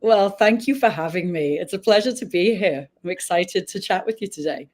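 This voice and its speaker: Middle-aged woman, softened Liverpool accent, chatty interview guest. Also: on the low side, normal speed. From England. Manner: chatty, laughs often. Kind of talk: interview conversation.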